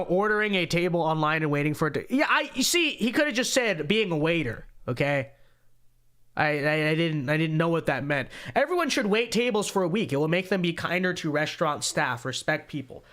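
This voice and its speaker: A young man hosting a casual livestream, reading viewer donations aloud in an animated, joking way with frequent restarts. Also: a little high. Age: young adult. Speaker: show host.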